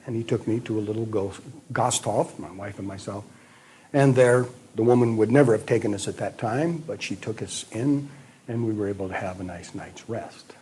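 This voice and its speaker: An older American man, a retired history professor, recounting a past trip in a measured, detailed storytelling way. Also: mid-range voice, animated, mellow, a little hiss or hum. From United States. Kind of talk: reminiscing storytelling.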